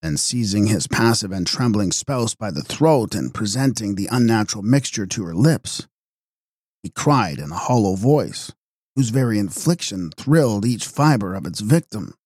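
A man giving a measured, expressive reading of a gothic audiobook. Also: fairly low pitch, no room sound, clean studio sound. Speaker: audiobook narrator. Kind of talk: scripted narration.

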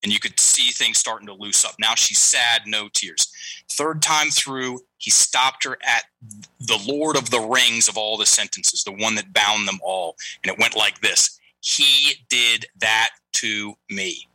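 A middle-aged man tells a story with lively energy, jumping into the voices of the people in it. His tone is strikingly bright and forward. The sound is dry and close, with no room around it. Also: fairly low pitch, normal speed, no room sound, low-quality recording. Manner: animated storyteller, acts out quoted lines. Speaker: guest, breathing and language coach. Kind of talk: storytelling interview talk.

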